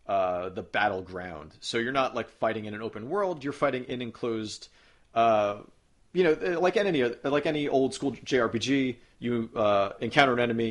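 A man in casual podcast chat, rambling enthusiastically as he retells a video game and swears casually. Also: on the low side.

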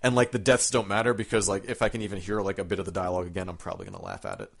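A man's voice: deep voice, expressive, very fast, vocal fry. A man in casual gaming chat, rambling with lots of fillers and the odd swear word. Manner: rambling, lots of fillers and swearing, laughs at his own stories.

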